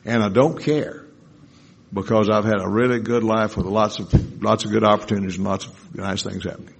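A man's voice: fairly low pitch, steady tone, brisk, creaky, breathy edge. A man telling wry, folksy stories to a live audience about his recovery. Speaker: speaker sharing recovery stories.

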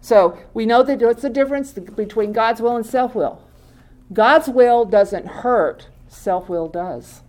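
A woman's voice: fairly high pitch, slow, a little mellow. Woman at a recovery meeting, talking straight to the group, conversational, keeps asking the room questions. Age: adult with many years in recovery. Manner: conversational, quizzes the audience, laughs often. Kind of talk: informal talk to a group.

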